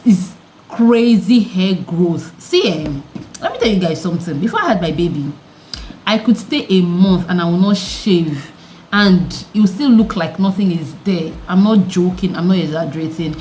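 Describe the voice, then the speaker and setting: A young woman with a deep, mature-sounding voice, chatting candidly to camera in an animated way and throwing questions at her viewers. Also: normal speed, slight background noise. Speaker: vlogger. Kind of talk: candid vlog chat to camera.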